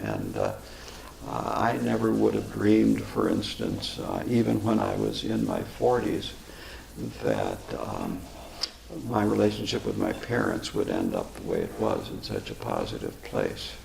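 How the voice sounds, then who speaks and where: An older man, a Buddhist teacher, answering questions with unhurried, chuckling stories. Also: deep voice, gravelly, a little mellow. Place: meditation center hall. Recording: echoey room, faint noise.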